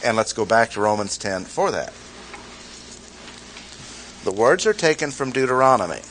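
Emphatic male Bible teacher, mid-pitched. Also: sing-song, moderate pace, fairly bright tone, a little hiss or hum, rough recording. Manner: emphatic, repeats key phrases, asks the audience questions. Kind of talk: expository sermon.

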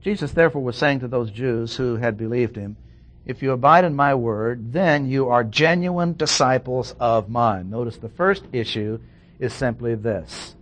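A man delivers a verse-by-verse sermon at a middle pitch. He reads scripture aloud and stresses key words with steady emphasis, like a teaching pastor walking a congregation through a passage. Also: normal speed. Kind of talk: expository sermon.

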